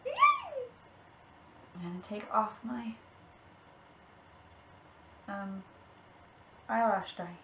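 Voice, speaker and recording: A woman's voice: medium pitch, steady tone, extremely slow, long pauses, muffled recording. A young woman hosting a casual beauty vlog, bubbly and giggly. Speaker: beauty vlogger. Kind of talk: casual chat. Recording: echoey room, faint noise.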